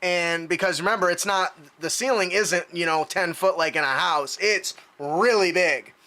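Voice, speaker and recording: A man's voice: high voice, normal speed, pushed and bright. A man narrating a tabletop game as game master, loose and laughing, with plenty of fillers.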